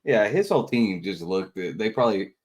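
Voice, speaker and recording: Deep-voiced man, slangy sports banter. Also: lively intonation, moderate pace, darkish tone. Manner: loose, laughing, slangy. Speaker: podcast co-host. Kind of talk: casual sports chat.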